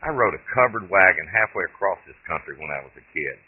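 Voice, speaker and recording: A man voicing a bossy, foul-mouthed old great-grandmother, speaking bluntly and demandingly in a husky voice. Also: deep voice, animated, fast. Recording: tinny lo-fi phone-like audio.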